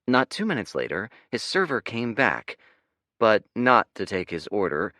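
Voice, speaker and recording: A man's voice: on the low side, sing-song, a little slow, sharp tone, dry recording, studio quality. A man narrating an audiobook expressively, switching into character voices. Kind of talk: scripted narration.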